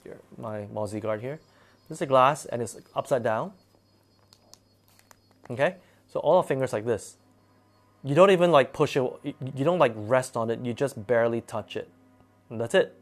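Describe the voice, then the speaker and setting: A man telling a spooky personal story in a casual, animated and dramatic way. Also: medium pitch, moderate pace, pauses often, faint music behind.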